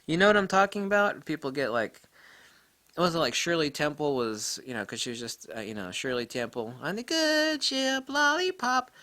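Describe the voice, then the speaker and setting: A man's voice: medium pitch, a little fast, sharp tone. A man ranting casually to camera about photography, rambling and incredulous, laughing often. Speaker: photography vlogger.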